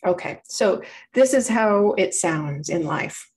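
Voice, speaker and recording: A woman's voice: fairly low pitch, lively intonation, takes it slowly, few pauses, a little mellow, rough recording. A woman presenting a public library talk, explaining things in a chatty way with wry asides.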